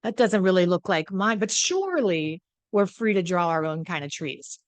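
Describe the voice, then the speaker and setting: A woman's voice: on the low side, expressive, normal speed, no echo, lightly acted. An eager ten-year-old boy who loves to draw, as a woman storyteller plays him, gushing breathlessly. His voice sits close and dry, with no room sound. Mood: doubtful.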